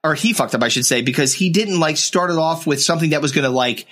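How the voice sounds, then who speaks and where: A man's voice: a little high, fast talker, a bit bright. A man co-hosting a podcast in casual, profane, joking banter. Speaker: podcast co-host.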